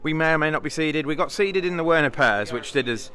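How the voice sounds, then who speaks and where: A man's voice: a little high, lively intonation, quick pace, pushed and bright. A British man chatting casually in a vlog, rambling and thinking aloud with fillers and restarts. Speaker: vlogger, bridge player.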